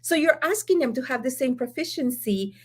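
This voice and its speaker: A woman's voice: high-pitched, a little fast, husky. A woman with a Spanish accent, co-hosting a casual mentoring discussion, often laughing as she tells stories. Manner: laughs often, animated storytelling. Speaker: mentor and co-host.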